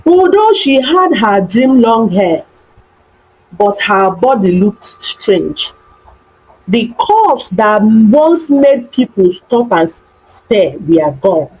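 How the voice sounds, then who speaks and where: A woman narrating an animated folktale in an expressive, dramatic way. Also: mid-range voice, breathy edge, rough recording. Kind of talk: storybook narration.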